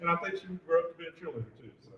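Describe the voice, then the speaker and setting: A man, speaking as a convention panelist. He tells stories in a lively, rambling way with plenty of fillers. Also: a little high, racing, lo-fi sound, crowd noise. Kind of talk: casual panel storytelling. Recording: echoey convention room, distant mic, faint noise.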